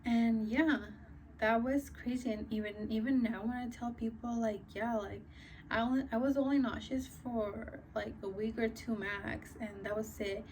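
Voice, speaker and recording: A woman's voice: a little high, steady tone, normal speed, darkish tone, recorded from a distance, slight background noise. Young woman vlogger, casual storytime, filler-heavy and slightly breathless. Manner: chatty, many fillers like "like" and "um". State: a little out of breath.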